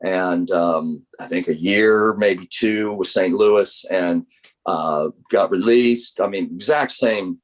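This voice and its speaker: Middle-aged American man, low-pitched coach, animated anecdotes with acted-out quotes. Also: slow pace. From United States. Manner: animated storyteller acting out quoted dialogue. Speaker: college baseball assistant coach. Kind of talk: interview storytelling.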